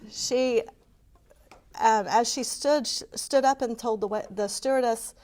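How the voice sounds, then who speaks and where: Her voice is a little high with a darkish tone, and she speaks at a slow pace. Presenting to a live community audience, she's passionate and sincere, speaking openly and answering questions from the crowd.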